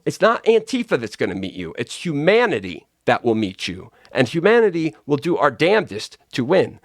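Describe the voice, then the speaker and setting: A man's voice: medium pitch, dry recording. Male vlogger, combative cursing rant, medium voice, dry recording. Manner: profane, combative, repetitive. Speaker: political commentator. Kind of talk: angry political rant.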